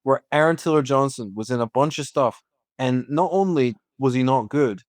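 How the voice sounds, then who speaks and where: A man co-hosting a casual film podcast, excitable and repeating himself as he jumps into the talk. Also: medium pitch, normal speed, dry recording, studio quality. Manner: excitable, repeats words when talking over others. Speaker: podcast co-host.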